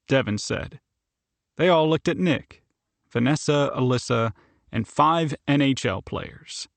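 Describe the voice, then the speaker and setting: Gravelly male audiobook narrator. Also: mid-range voice, no room sound. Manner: even, measured storytelling. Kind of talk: scripted narration.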